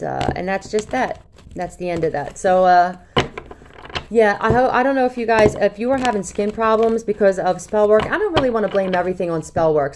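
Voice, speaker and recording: Over a noisy background, a tarot reader with a fairly low voice speaks casually to her viewers. She's blunt and curses a lot, often tossing in "okay?" to check they're following.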